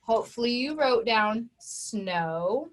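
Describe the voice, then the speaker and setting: A woman's voice: a little high, lively intonation, takes it slowly, a bit bright. A woman teaching a children's phonics lesson, patiently sounding out words and spelling them letter by letter.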